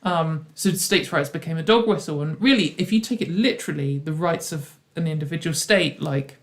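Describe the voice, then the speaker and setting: A woman's voice: sits low, normal speed. Chatty rambling woman on a stream. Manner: rambling, with many restarts and ironic quoted voices. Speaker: host. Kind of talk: casual livestream chat.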